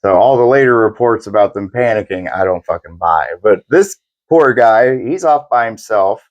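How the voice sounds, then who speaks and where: A man's voice: on the low side, animated, normal speed, lo-fi sound. A young man co-hosting a podcast, telling history casually in a rambling, profane way and acting out what people said. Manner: profane, rambling storyteller, acts out quotes. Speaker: podcast co-host.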